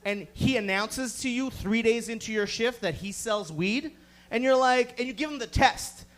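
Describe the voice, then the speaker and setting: A man's voice: very high-pitched, normal speed, a bit bright. A man doing a stand-up set, riffing profanely with the crowd and acting out voices. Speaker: stand-up comedian. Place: comedy club stage.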